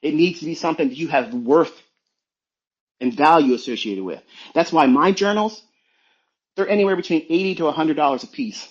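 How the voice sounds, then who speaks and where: A man's voice: on the high side, brisk, pauses often, dull audio. A man giving a blunt, profane motivational talk as a trading mentor on a live audio stream.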